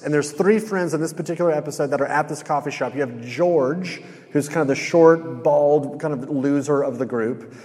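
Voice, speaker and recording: A man preaching to a room, retelling a sitcom scene with animated quoted lines. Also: a little high. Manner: storytelling, animated when quoting. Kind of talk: sermon with retold sitcom scene. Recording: hall reverb.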